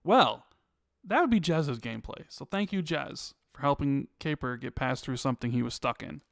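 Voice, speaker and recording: A man's voice: medium pitch, animated, normal speed, vocal fry, no echo, studio quality. A man hosting a podcast, teasing his co-host and reading viewer messages aloud. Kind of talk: casual chat.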